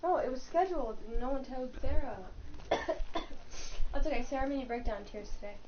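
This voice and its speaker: A woman's voice: high-pitched, expressive, fairly quick. A young woman telling a rambling work story in casual chat, swearing often and stringing her sentences together without a break. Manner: breathless run-on storytelling, swears a lot. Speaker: fast-food worker. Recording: muffled and distant, faint hiss.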